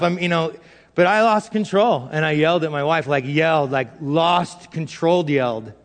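A middle-aged male pastor giving a sermon in a casual, self-deprecating way, swinging between loud and hushed. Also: sits high. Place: church hall. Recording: long hall reverb.

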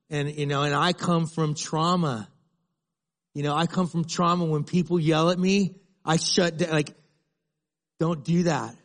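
A middle-aged man preaching to his congregation in a relaxed, conversational way. His voice sits a little high, and he slips into short acted-out exchanges to make his points. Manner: conversational preaching, acting out dialogue. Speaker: pastor. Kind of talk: sermon.

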